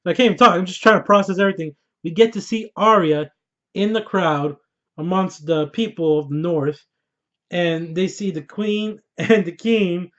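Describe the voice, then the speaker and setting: A young man reviewing a TV episode in an animated, casual, profane way, laughing and swearing often. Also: high voice, normal speed, muffled recording. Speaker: TV show reviewer. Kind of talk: excited casual review monologue.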